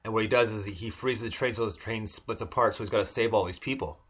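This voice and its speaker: This man co-hosts a podcast and recaps an episode in a casual, meandering way, full of fillers and restarts. His voice sits on the low side with a fairly bright tone, and his pace is quick.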